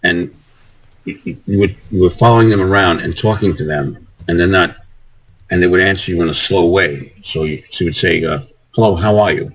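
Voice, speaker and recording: A man's voice: low-pitched, fairly quick, fairly bright tone, slightly rough, low-quality recording. A man talking as a guest on a casual call-in show, rambling and repeating himself as he restarts sentences.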